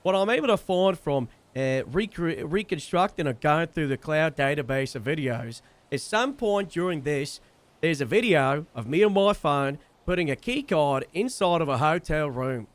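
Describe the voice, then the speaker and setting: A young man, telling a long story in casual chat, animated and swearing freely. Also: fairly high pitch, normal speed. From Wales. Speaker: streamer.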